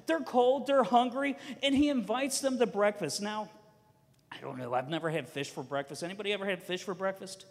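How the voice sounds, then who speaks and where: Guy preaching a sermon, high voice, super animated, goes loud then real soft, big hall reverb. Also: a little fast. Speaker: pastor.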